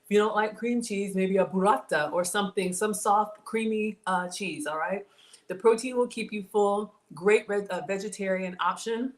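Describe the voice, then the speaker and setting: A woman's voice: medium pitch, moderate pace. A woman hosting a casual cooking livestream, chatting with viewers about her food and reading their comments. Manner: chatty, reads viewer comments, says y'all.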